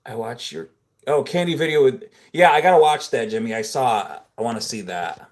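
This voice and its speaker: A man hosting a casual livestream from a home room, rambling and filling his talk with "dude" and "like," close on a boom-mounted microphone. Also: expressive, normal speed. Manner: rambling, filler-heavy, says "dude" and "like" a lot. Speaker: livestream host. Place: home room full of computer monitors.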